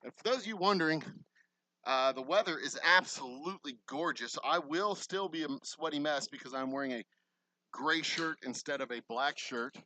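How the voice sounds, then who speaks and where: A man with a Texan accent and a bright, forward voice narrates his own construction work for a vlog. He thinks aloud and makes self-deprecating asides to viewers. The camera mic picks him up as he moves around the site. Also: fairly high pitch, normal speed, dry recording, poor audio. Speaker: distillery owner vlogging construction. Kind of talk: casual vlog while working. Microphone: camera mic, moving around off camera.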